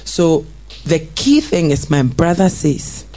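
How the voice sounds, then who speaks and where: Earnest educator, gravelly edges. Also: medium pitch, takes it slowly, slight background noise, low-quality recording. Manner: earnest, animated storyteller with repeated restarts. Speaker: preschool educator and guest speaker. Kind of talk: storytelling talk to parents.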